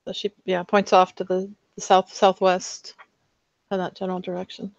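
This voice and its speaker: A woman's voice: lowish voice, level tone, normal speed, creaky. A woman player in a tabletop game, chatting casually and making jokes. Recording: dull, dry home audio.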